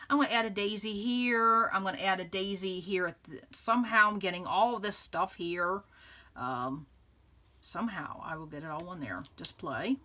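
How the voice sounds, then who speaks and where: A woman's voice: medium pitch, bright, forceful tone. A woman hosting a scrapbooking tutorial, chatting casually and upbeat as she works, laughing often and thinking aloud. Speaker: scrapbooking channel host. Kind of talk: casual crafting tutorial narration.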